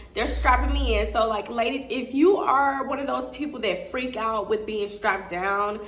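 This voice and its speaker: A woman's voice: a little high, fairly bright tone. A young adult woman vlogger casually telling a candid story, chatty and full of fillers and laughter. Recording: echoey room with faint noise.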